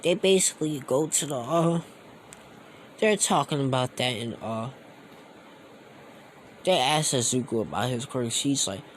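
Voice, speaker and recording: A man's voice: mid-range voice, a little slow, long pauses, slight background noise. A young man casually retelling a fan story, rambling with lots of fillers.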